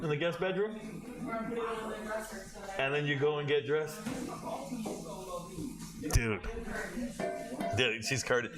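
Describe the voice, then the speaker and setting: A young man streaming a football watch party, telling animated stories to his chat and swearing freely. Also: a little high. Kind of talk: casual chat.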